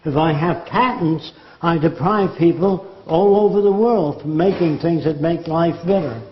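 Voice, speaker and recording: A man's voice: on the high side, a little slow, a little hiss or hum. An older man giving a lecture-style talk, sardonic and mocking as he mimics quotes. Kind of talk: lecture monologue. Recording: echoey room, dull lo-fi sound.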